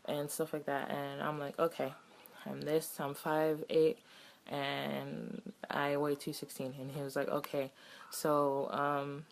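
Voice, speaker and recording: A woman's voice: sits low, completely flat delivery, slow pace, creaky, slight background noise, rough recording. A woman in her twenties telling a story in a casual vlog, retelling conversations in a chatty way with lots of "he was like". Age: 20s. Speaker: vlogger.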